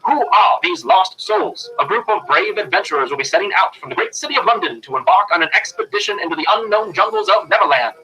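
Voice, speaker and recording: A man's voice: high voice, sing-song, quick pace, hardly any pauses, sharp tone, full character voice, poor audio. A man voicing a newsreel announcer in a promo, with an emphatic, old-time delivery. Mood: excited. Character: male newsreel announcer hyping an expedition.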